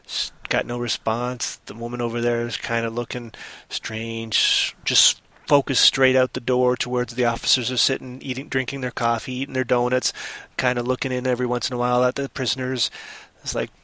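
Goofy teasing guy on a stream making up a story, bright punchy voice, super dry mic. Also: mid-range voice, monotone, brisk, dry recording. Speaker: live stream host. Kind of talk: improvised storytelling and banter.

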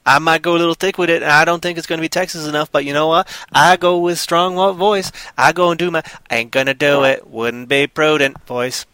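A man hosting a livestream and improvising a rambling, silly story. His voice sits a little high and sounds bright and lively. The mic picks him up close and dry. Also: fast, hardly any pauses, smooth, no echo. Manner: playful, rambling, reads chat aloud.

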